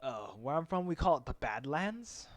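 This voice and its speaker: A man's voice: fairly high pitch, big pitch swings, moderate pace, no echo. A man voicing a grim male wanderer from a dead land in a tabletop game, matter-of-fact. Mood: weary.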